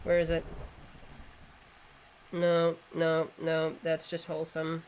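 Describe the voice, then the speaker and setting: A woman's voice: sits low, monotone, slow, a little mellow, a little hiss or hum. A woman streamer giving casual gameplay commentary, rambling, joking and swearing freely. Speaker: gaming streamer.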